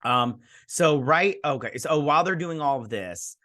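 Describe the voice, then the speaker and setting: A man's voice: a little high, lively intonation, measured pace, sharp tone. A man hosting a show review, rambling and sassy as he recaps an episode and acts out the characters' lines.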